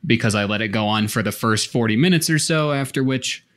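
A man's voice: medium pitch, brisk, a bit bright. A man co-hosting a podcast, explaining things at length in casual conversation with frequent restarts. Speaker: podcast co-host. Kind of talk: casual chat.

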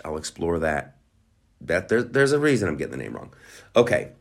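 A man's voice: low-pitched, sing-song, quick pace, creaky. A man hosting a podcast, ranting in a crude, sarcastic, rambling way with lots of profanity. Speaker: podcast host. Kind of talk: crude comedic rant.

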